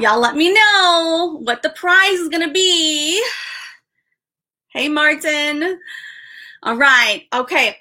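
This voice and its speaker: A young woman hosting a casual live stream, excited and rambling, stumbling over restarts and fillers as she chats with viewers. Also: high-pitched, slow, long pauses. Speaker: livestream host.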